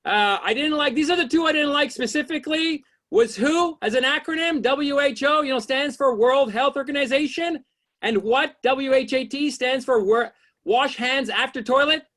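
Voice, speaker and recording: A man doing a stand-up comedy set, rambling through setups and shouting exasperated punchlines, often asking "you know what I mean?". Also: very high voice, moderate pace.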